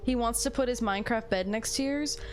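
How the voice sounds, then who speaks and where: A woman's voice: on the high side, brisk. A young woman streaming a game, chatting with her viewers in a joking, casual way and swearing freely. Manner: joking, chatty with chat, swears, laughs often. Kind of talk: casual live-stream commentary.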